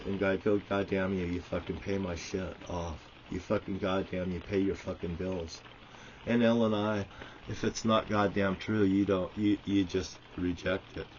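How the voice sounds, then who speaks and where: Here a male vlogger swears his way through an angry rant aimed at the camera. His low, somewhat mellow voice comes through dull lo-fi audio marked by a little hiss or hum.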